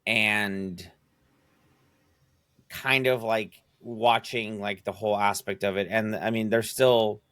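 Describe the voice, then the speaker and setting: A man with a lowish voice rambles enthusiastically in podcast chat and swears casually. The sound is dry and close, with no room echo. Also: steady tone, slow, fairly bright tone. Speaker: podcast co-host.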